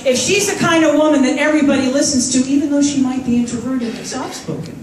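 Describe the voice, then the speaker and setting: A woman in her fifties giving an energetic, joking conference speech, rousing the crowd with call-and-response. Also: sits high, fast, slight background noise. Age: 50s. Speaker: conference speaker. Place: large conference hall. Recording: echoey hall from far off, faint crowd.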